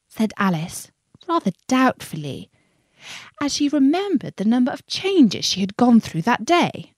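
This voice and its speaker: A woman reading a children's storybook aloud in an expressive way. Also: on the high side, dry recording, studio quality. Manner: slow, expressive, lilting reading.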